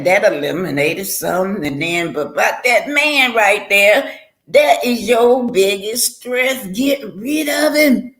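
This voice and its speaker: On a live stream, an older woman, a grandmother, casually shares heartfelt life advice in a medium-pitched, slightly bright voice. She comes across as preachy and often stumbles and restarts her words.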